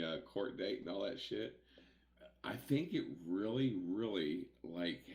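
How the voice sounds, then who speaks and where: A man's voice: sits low, echoey room. A man streaming a role-play game, chatting casually, swearing freely and laughing often. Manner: laughs a lot, animated storytelling.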